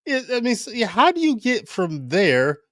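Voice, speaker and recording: A male show host from Ohio talks in casual commentary. His pitch is fairly high and jumps around a lot. He laughs often, and the mic sound is close and dry. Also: moderate pace, dry recording. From Ohio, United States. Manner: animated, laughs often, restarts phrases.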